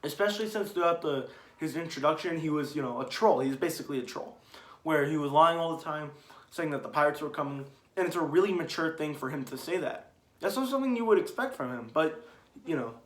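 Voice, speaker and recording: Young male fan, slightly higher voice, rambling casual ranking chat, roomy echo. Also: fast. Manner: rambling, restarts, grows excited and loud. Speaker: anime commentator. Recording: echoey room.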